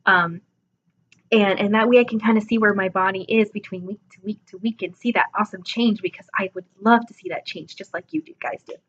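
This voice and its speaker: A woman's voice: mid-range voice, fairly even intonation, a little fast, dull audio. A woman in her twenties talking casually to camera about her fitness numbers, chatty and self-deprecating, yawning and a bit sleepy. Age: 20s. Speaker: vlogger. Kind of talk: casual self-assessment vlog.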